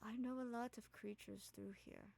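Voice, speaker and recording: Lady gm doing a quiet bossy tall stranger, hushed and measured, tabletop game. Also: a little high, steady tone, vocal fry. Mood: regal, probing. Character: tall looming woman, soft yet authoritative.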